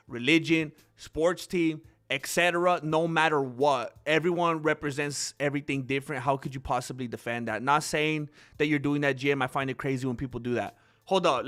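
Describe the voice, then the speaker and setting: A man hosting a casual livestream, telling stories animatedly with frequent laughter and reading chat aloud. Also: fairly high pitch. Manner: animated storyteller who laughs often and reads chat. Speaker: channel host.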